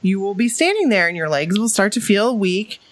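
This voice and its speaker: A woman's voice: mid-range voice, very animated, normal speed, no echo. A woman guest-hosting a casual podcast chat, emphatic and fond of repeating phrases. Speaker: guest host.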